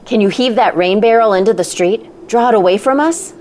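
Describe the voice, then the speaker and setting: A man voicing a brisk, wry female field-science agent who gives quick orders, in an audio drama. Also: sits high, a little mellow, slight background noise, voice pushed up, close to an everyday voice. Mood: urgent.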